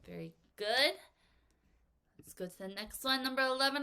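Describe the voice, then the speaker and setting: Bright lady english teacher doing vocab with kids, acts out silly little voices. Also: high-pitched, animated, normal speed, creaky, long pauses, clear, resonant tone.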